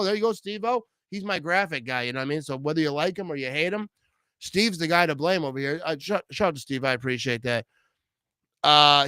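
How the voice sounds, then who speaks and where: A young man hosting a casual sports talk show, excitable and slangy, reading out fan messages. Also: medium pitch, no room sound. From Wisconsin. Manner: excitable, slangy, says "bro" and "you know what I mean" a lot.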